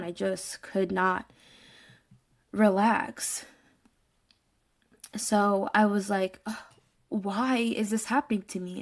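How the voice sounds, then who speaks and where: Woman, casual storytelling host, mid-range voice, vents with quoted dialogue and exasperated asides. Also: mid-range voice. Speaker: podcast host. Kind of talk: personal storytelling monologue.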